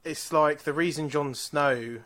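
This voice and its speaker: A man's voice: on the high side, unhurried, a bit bright. Man, podcast co-host, blunt and easygoing. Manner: blunt, laughs at his own stories. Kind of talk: casual chat.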